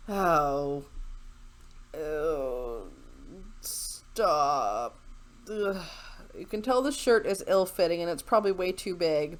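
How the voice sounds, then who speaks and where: A woman giving casual reaction commentary as a video host, sarcastic and incredulous, breaking into laughter often. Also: on the low side. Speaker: YouTube commentator.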